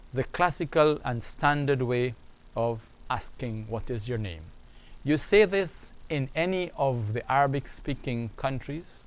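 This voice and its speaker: A man teaching a beginners' Arabic lesson, speaking slowly and repeating phrases for the learner to copy. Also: mid-range voice, poor audio. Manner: slow, repetitive, drills phrases aloud. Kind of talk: online language lesson.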